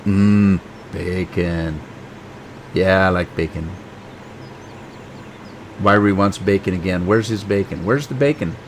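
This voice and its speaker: A middle-aged man talks in a lowish voice while streaming a farming game. He chats and jokes easily as he reads the chat aloud. A faint hum sits under the recording. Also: takes it slowly, pauses often. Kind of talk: casual game live stream.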